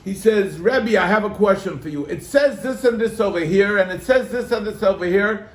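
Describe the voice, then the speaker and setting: A man's voice: high-pitched, moderate pace, reverberant. A man, a rabbi, telling a story to his congregation, acting out the people in it. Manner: animated, acts out quoted voices.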